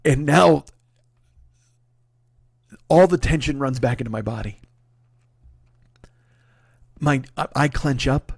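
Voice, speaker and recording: A man hosting his own comedy show, telling a long story in a profane, animated, self-deprecating way. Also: mid-range voice, takes it slowly, vocal fry, pauses often, husky, no room sound, clean studio sound. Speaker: comedian host. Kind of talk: comic storytelling monologue.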